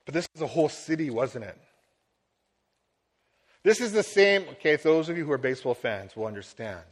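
A man's voice: fairly high pitch, animated, fairly quick. A middle-aged man preaching a sermon as a pastor, earnest and building to emphatic swells.

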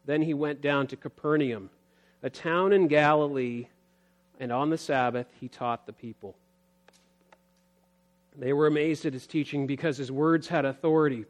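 An earnest man preaches a sermon, his somewhat high voice climbing on key points before sinking low and quiet. He reads scripture aloud in the same steady preaching voice. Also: moderate pace, long pauses. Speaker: pastor.

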